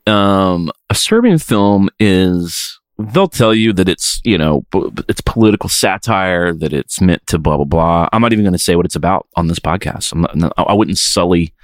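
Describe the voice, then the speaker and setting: A man's voice: low-pitched, lively intonation, normal speed, few pauses, no room sound, clean studio sound. A man hosting a podcast, chatting in a playful, rambling way and reading out listener emails. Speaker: podcast host. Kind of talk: casual podcast chat.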